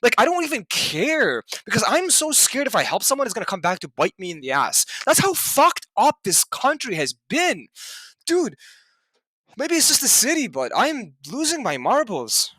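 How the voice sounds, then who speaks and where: Angry young man ranting with swings in pitch. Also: huge pitch swings, normal speed, pushed and bright, dry recording. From Canada. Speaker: vlogger. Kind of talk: ranting vlog monologue.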